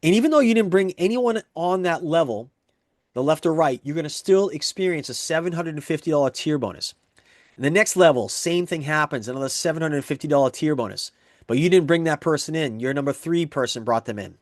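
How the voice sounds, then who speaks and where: A man with a fairly high voice gives an eager sales presentation. He walks through one example after another and repeats the same points as he builds the pitch. The sound is dry and close. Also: expressive, brisk, dry recording. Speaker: network marketing presenter.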